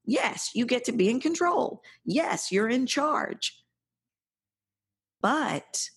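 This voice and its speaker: A woman's voice: lowish voice, slightly rough. A middle-aged woman hosting a podcast, giving earnest, emphatic parenting advice in a coaching monologue.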